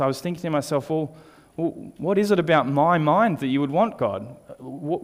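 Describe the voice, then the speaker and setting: A man giving a conversational sermon, often asking "right?" as he tells a personal story. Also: a little high. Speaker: preacher. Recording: long hall reverb.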